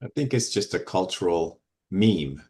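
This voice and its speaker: A man with a fairly low voice shares his reflections with a discussion group. He speaks in a thoughtful, measured way. He stops now and then to find his words. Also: animated, mellow. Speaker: group member reading a question.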